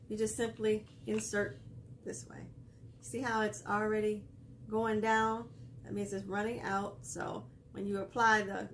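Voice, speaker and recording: A woman's voice: medium pitch, a little hiss or hum. A woman hosting a casual craft tutorial, chatty and laughing often as she explains each step while she works. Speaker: craft video host.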